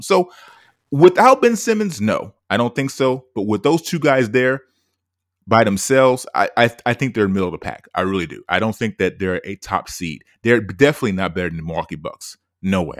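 A man co-hosting a sports podcast, making his points in a measured way with many fillers. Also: on the low side, no room sound, clean studio sound. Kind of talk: casual sports debate.

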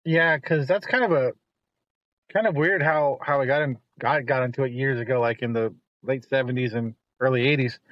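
A man's voice: mid-range voice, normal speed, no echo, highs cut off. Middle-aged man, rambling storyteller. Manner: rambling, animated when quoting others. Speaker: guest, host's father. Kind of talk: casual storytelling chat.

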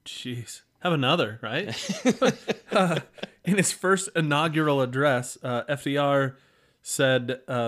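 A man co-hosting a podcast in relaxed chat. His voice sits at an ordinary mid pitch. He speaks haltingly, restarts often, and is gently self-deprecating. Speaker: podcast co-host. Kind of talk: casual chat.

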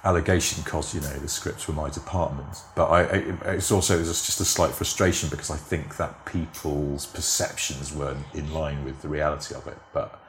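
A very low-pitched man with a British accent talks as a podcast guest in a chatty, wry way, often breaking off and restarting his sentences. His voice sits in a roomy, echoey space at home, with a faint hiss underneath. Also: steady tone, normal speed, few pauses, a bit bright. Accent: British English. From Britain. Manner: chatty and wry, with frequent self-interrupting restarts. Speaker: guest, TV script editor and motoring journalist. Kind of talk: casual podcast conversation. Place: at home, near a garden.

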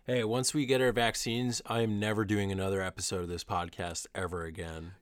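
A young man co-hosting a podcast, delivering dry, absurd jokes in a deadpan way. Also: fairly low pitch, a little fast, no room sound. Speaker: podcast co-host. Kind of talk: casual chat.

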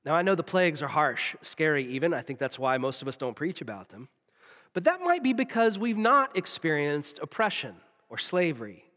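A man from the preaching a sermon, telling stories with dramatic pauses and drops to a hush. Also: fairly high pitch, big pitch swings. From Southern United States. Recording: long reverb of a large hall.

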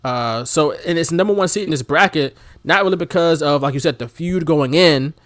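A man co-hosting a casual wrestling chat, animated, laughing often and shouting out imitations of commentators. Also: a little high, brisk, no room sound, studio quality. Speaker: podcast co-host.

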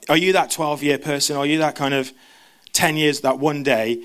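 A man preaching a sermon, talking fast with frequent restarts and stumbles. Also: mid-range voice, fairly even intonation, fairly bright tone. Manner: fast, stumbling, self-interrupting.

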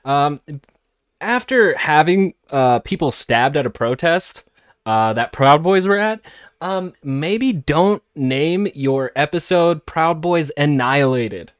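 A man's voice: on the high side, expressive, takes it slowly, clean tone, no echo, studio quality. A man hosting a podcast, commenting sarcastically on played clips in a casual way. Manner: sarcastic, mocking impressions. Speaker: podcast host.

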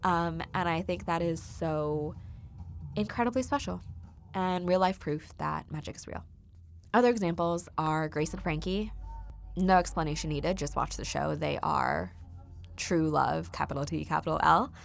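A woman's voice: sits low, moderate pace, gravelly. A young woman hosting a casual solo podcast, chatty and full of ums as she tells stories. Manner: chatty and warm, many ums, laughs while telling stories. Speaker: podcast host.

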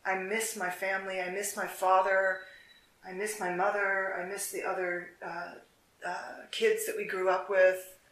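A storyteller voicing a young woman in a folk tale who misses her family, spoken softly. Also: mid-range voice, level tone, a little slow, lightly acted. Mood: wistful. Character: young woman longing for home. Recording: echoey room.

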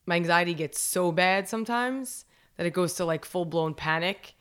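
A woman's voice: lowish voice, normal speed, clear, resonant tone. A woman in her thirties in casual podcast chat, telling stories and saying "like" often. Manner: chatty, storytelling, says "like" a lot.

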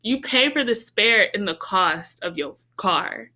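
Bright-voiced young woman telling a story. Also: medium pitch, a little slow. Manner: animated, laughs often while acting out her own reactions; heavy use of "like" and "bro". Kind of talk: casual storytelling chat.

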